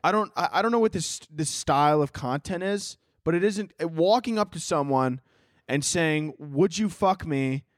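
This young podcast host has a voice on the high side with lively intonation, speaking at a moderate pace in a studio recording with no room sound. He rambles through a profane, casual comic monologue and often laughs at his own jokes.

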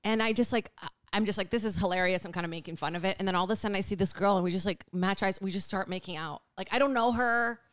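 Young-sounding woman talking very quickly in a dry, close recording. She tells her story in loose casual chat, laughing and leaning on "like" fillers. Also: mid-range voice, clear, resonant tone, no echo. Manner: rapid, full of "like" fillers, laughing. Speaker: podcast guest.

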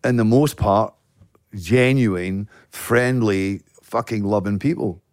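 A middle-aged Glaswegian Scottish man, a guest actor telling stories in casual podcast chat, profane and animated. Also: on the low side, slow, smooth, dry recording, studio quality. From Scotland.

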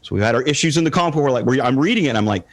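A man talking quickly in a casual pop-culture podcast chat, his pitch swinging up and down with lively energy. He rambles and restarts his sentences often as he works through his point. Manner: animated, rambling with many restarts.

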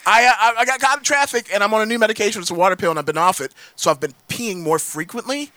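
A man's voice: high-pitched, fast talker, sharp tone, no room sound. A man from Florida telling a rambling comic story in casual podcast chat, laughing through it. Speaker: podcast co-host.

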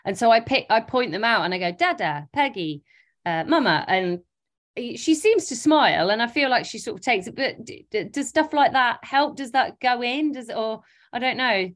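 A woman's voice: fairly high pitch, lively intonation, normal speed. A woman co-hosting a parenting podcast, chatty and self-deprecating, rambling with many fillers. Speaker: podcast co-host. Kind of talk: casual podcast chat.

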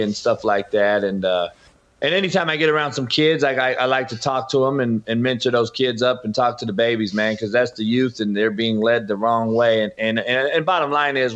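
A middle-aged man, a football coach and podcaster, talking emphatically as a guest in an interview and often addressing the host by name. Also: mid-range voice. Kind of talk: impassioned interview talk. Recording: dull lo-fi audio.

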